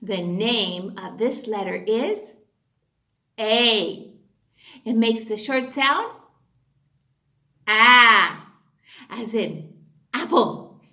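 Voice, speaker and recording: Cheerful woman teacher, high lively voice, unhurried phonics drills. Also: reverberant. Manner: animated and sing-song, gasps and cheers often. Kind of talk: phonics lesson for young children.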